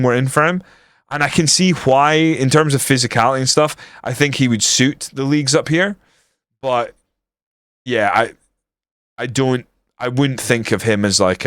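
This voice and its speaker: A man's voice: medium pitch, fairly bright tone, clean tone, no room sound, clean studio sound. A Scottish man streaming a football management game, chatting bluntly with lots of swearing and jokes. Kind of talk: casual gameplay commentary.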